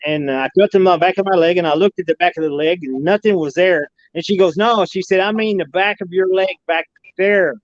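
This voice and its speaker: A man's voice: high voice, brisk, hardly any pauses, dull audio. A man telling a long story as a podcast guest, in a rambling, folksy way that keeps circling back with "she said.". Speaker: podcast guest recounting an alien encounter. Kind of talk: casual storytelling.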